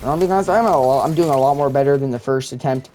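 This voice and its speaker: A young man talks over his game as he plays, rambling and complaining and tripping over his words. His voice sits at a middle pitch. Faint game noise and gunfire sit behind him. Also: racing, warm tone, low-quality recording. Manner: rambling, complaining, many fillers and restarts. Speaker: gamer. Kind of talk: gameplay commentary.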